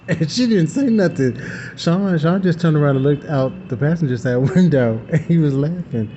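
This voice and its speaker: A man tells a funny story, animated and campy, laughing as he goes. His voice sits a little high and sounds mellow. The recording is dull and lo-fi, with a faint hiss behind it. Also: normal speed. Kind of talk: casual storytelling.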